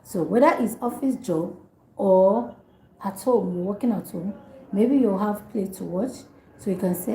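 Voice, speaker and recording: Lady teaching basics, mellow voice, repeats stuff slow, roomy echo. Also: mid-range voice, slight background noise. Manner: repeats phrases slowly for learners, chatty asides. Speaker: language tutor. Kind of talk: casual spoken language lesson.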